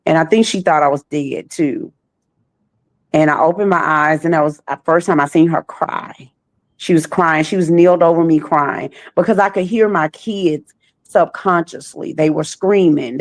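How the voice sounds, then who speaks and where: A woman survivor recounting her past in a halting, slow way, often repeating phrases. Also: sits low, no room sound. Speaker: trafficking survivor guest. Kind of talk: personal testimony.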